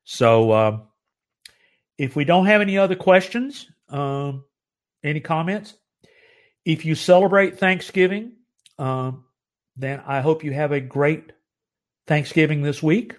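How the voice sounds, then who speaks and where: A middle-aged man from the United States hosting a live stream, talking earnestly with halting restarts and growing emotional. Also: a little high. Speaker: live show host. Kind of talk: heartfelt live-stream talk.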